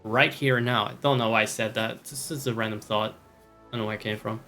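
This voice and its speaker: A man's voice: on the low side, fairly even intonation, brisk, sharp tone, soft background music. A man streaming a game, rambling through jokey, self-mocking commentary. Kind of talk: gameplay commentary.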